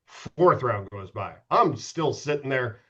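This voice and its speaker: A man's voice: medium pitch, expressive, takes it slowly, lo-fi sound. A middle-aged man, a former pro goalie, telling candid, profane stories as a podcast guest. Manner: profane, candid, self-mocking. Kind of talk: casual storytelling.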